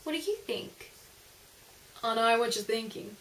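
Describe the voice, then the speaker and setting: A woman's voice: on the high side, animated, measured pace, a bit bright, a little hiss or hum, poor audio. A woman putting on an Australian accent as a cheeky young woman who keeps asking questions.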